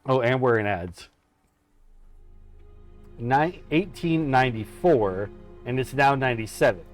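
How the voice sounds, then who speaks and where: A man narrates his own run through a horror game for a live stream, with a lively voice that swings freely up and down. His delivery is playful, slipping into mock-dramatic asides to himself. Quiet game music plays under him. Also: medium pitch, a little slow. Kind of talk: live gameplay commentary.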